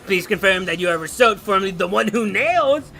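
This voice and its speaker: A man voicing a stern corporate enforcement officer who reads out a formal arrest in a measured, bureaucratic way. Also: sits high, expressive, gravelly, pushed and bright, faint music behind, heavily acted.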